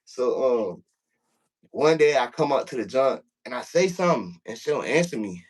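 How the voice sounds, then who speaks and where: A man's voice: medium pitch, lively intonation, normal speed, husky. A man telling a prison story in casual, profane talk, acting out the voices in the quotes.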